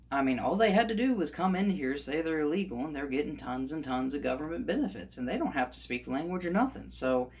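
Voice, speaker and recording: A man giving a heated opinion monologue on his vlog, ranting and sometimes rising to shouts. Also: medium pitch. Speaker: commentator.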